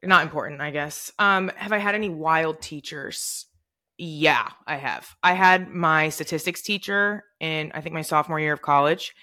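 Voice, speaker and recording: A young woman co-hosting a podcast, talking in a lively casual way. Her voice sits low but has a bright, forceful ring, and she laughs often and breaks in with her own stories. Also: normal speed. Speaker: podcast co-host. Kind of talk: casual chat.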